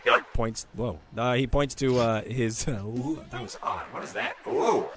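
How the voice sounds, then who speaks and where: A man's voice: medium pitch, normal speed. Hesitant male tabletop player. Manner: hesitant, searching for words. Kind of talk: casual game chat.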